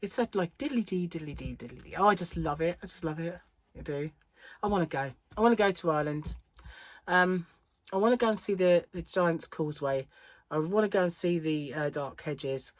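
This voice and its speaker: A middle-aged woman vlogs about crochet from her home on an English island, chatting casually and ramblingly and laughing often. Her voice is on the low side, in a dry recording.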